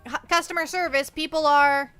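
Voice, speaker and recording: A woman's voice: high-pitched, fairly even intonation, moderate pace, sharp tone. A young adult woman streaming as a VTuber, chatting casually and playfully with her viewers and often repeating herself. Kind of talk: casual livestream chat.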